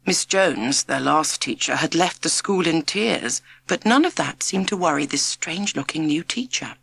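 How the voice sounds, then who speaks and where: A woman narrates a children's storybook with an expressive, measured delivery. Her voice sits fairly low with a gravelly texture, yet moves widely in pitch. The recording is dry and close, with no room sound. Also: no room sound. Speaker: audiobook narrator.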